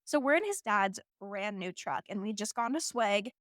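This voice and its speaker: A woman's voice: medium pitch, animated, moderate pace, a bit bright, no echo, studio quality. A young woman in her twenties hosting a podcast, telling a personal story in a casual, chatty way full of "like" fillers. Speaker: podcast host.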